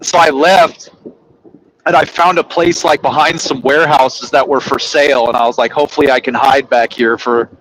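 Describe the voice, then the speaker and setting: A man's voice: medium pitch, fairly even intonation, moderate pace, fairly bright tone, a little hiss or hum, poor audio. A man who drives trucks, telling a casual story in a rambling, profane way. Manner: rambling, profane, acts out quoted people.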